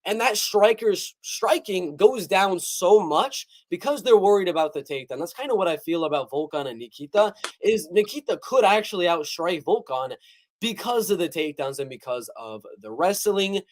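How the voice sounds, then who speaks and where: A man's voice: high-pitched, lively intonation, moderate pace. A young man hosting a casual livestream, reading chat comments aloud and joking as he gives fight picks. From North Carolina. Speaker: MMA prediction livestream host.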